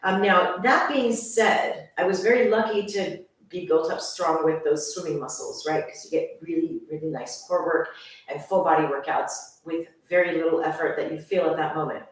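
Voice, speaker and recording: A woman's voice: sits low, moderate pace, far from the mic. A fitness instructor in her forties, chatting upbeat to viewers as her friends in a casual channel introduction. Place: room at home with workout gear. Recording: very echoey room, voice off-mic.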